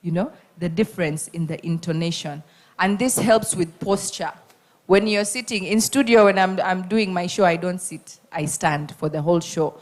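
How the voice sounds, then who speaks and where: A woman's voice: lowish voice, moderate pace. Emphatic woman judging a radio contest. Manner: animated, emphatic, repeats key points, acts out examples. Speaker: radio contest judge and radio host. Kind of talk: spoken feedback to contestants.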